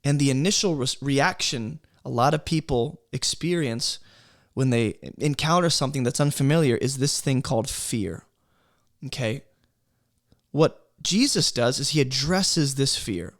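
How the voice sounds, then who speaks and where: A man's voice: mid-range voice, expressive, unhurried, dry recording, clean studio sound. A man leading a casual Bible study workshop, talking conversationally and with emphasis, often checking in with his listeners. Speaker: Bible teacher.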